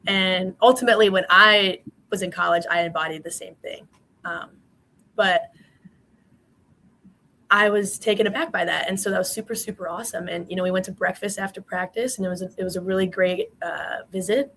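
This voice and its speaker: A woman's voice: mid-range voice, fairly even intonation, brisk, sharp tone, slight background noise, low-quality recording. A woman in her twenties, a former college swimmer, answering interview questions in a chatty way with many fillers.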